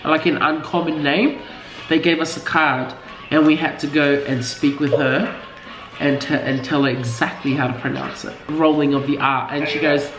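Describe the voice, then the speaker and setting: A woman's voice: sits low, fairly even intonation, moderate pace. A woman chatting casually, emotional and laughing often as she thanks her family. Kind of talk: casual chat. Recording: echoey room with music behind.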